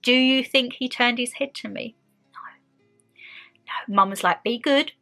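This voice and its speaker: A bright, fairly high-voiced young British woman talks straight to her viewers in a relaxed sit-down vlog. She is outspoken and expressive, with faint music behind her. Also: measured pace. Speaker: vlogger. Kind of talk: casual sit-down chat.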